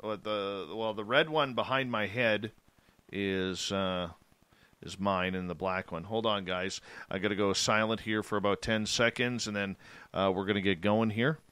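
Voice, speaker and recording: A man's voice: fairly low pitch, fairly even intonation, normal speed, fairly bright tone, clear, resonant tone, no echo. A man hosting a radio show, chatting in an easygoing, storytelling way. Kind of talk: casual chat.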